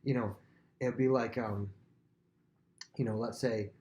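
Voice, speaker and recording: A man's voice: medium pitch, fairly even intonation, a little slow, warm tone, a little hiss or hum. A man teaching a casual Bible lesson in a conversational, rambling way, thinking aloud as he goes.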